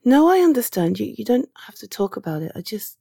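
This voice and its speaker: A woman speaks in a gentle, reassuring comfort role-play, her voice mellow and breathy. She talks slowly and sometimes sinks to a whisper. The sound is close and dry. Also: fairly high pitch, sing-song, dry recording. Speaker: audio role-play performer.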